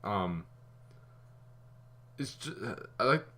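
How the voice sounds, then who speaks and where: A man giving a casual spoken movie review, rambling and animated, with fillers and some swearing. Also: fairly low pitch, extremely slow.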